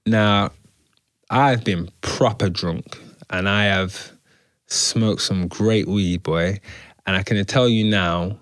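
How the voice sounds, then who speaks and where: A man recounting his life story as a guest, in an animated, slangy storytelling way. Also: fairly low pitch, takes it slowly, smooth, no room sound, studio quality. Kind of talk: conversational testimony.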